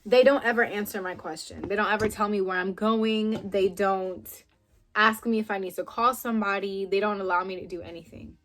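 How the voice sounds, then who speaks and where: A woman's voice: medium pitch, a little fast, faint music behind. A young woman vlogger casually recounting a personal story to camera, acting out her own quoted lines bluntly. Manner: animated retelling with quoted dialogue, frank and blunt.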